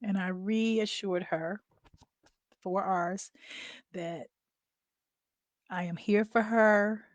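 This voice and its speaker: In a casual vlog, a middle-aged woman who is a family caregiver candidly shares a personal story with viewers, calling them y'all. Her medium-pitched voice is steady and very slow, with frequent pauses. The recording is dry and lo-fi.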